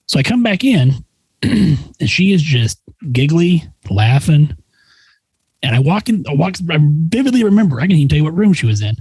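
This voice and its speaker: A man with a fairly high, husky voice tells a story in a relaxed, chatty way, slipping into the voices of the people he quotes. His sound is dry and close, with no room around it. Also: normal speed, no echo, low-quality recording. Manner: animated, acts out quoted voices. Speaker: nurse practitioner guest. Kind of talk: casual storytelling.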